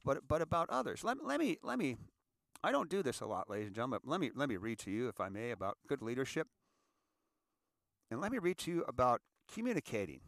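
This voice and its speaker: Man giving an inspirational talk, lively pitch, dry close sound, repeats lines for weight. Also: no room sound. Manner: addresses listeners as ladies and gentlemen, repeats phrases for emphasis. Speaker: inspirational speaker.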